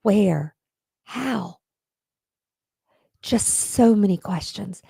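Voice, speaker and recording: A woman's voice: mid-range voice, animated, very slow, vocal fry, warm tone, husky, dry recording. A woman hosting a casual true-crime live stream, chatting straight to viewers and making earnest pleas. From Texas. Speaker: podcast host.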